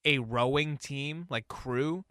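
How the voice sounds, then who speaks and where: Bright-voiced man rambling on a podcast. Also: mid-range voice, slow, clean tone, no room sound. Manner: rambling, hesitant, laughs easily. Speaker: podcast co-host. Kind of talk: casual chat.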